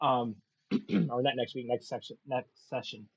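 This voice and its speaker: A man's voice: mid-range voice, fairly even intonation, unhurried, breathy edge. A man running a tabletop game as game master, crude and joking, with a sore throat from a cold. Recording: muffled lo-fi recording.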